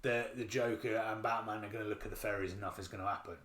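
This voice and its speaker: A UK man co-hosts a podcast, chatting loosely about a film while rambling and restarting his sentences. His voice sits on the low side, with a steady, fairly bright tone and a fast pace, recorded in a reverberant space.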